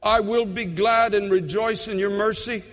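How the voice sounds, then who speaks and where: Male preacher, high tenor, fervent testimony style, echoing sanctuary sound. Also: fairly even intonation, moderate pace. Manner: fervent, repeats phrases, swings between hushed and loud. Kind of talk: sermon with personal testimony.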